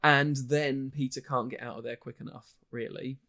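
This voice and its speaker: A man's voice: mid-range voice, steady tone, normal speed, sharp tone. A man co-hosting a podcast, chatting casually about a horror film, rambling with many fillers and restarts. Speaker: podcast co-host.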